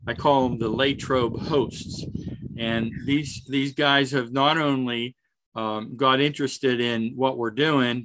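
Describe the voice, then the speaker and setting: A man hosts a video call and introduces the next guest, pausing often with fillers. His voice sounds dry and close, with no room echo. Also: medium pitch, a bit bright. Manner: halting, many fillers. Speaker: host of the society call.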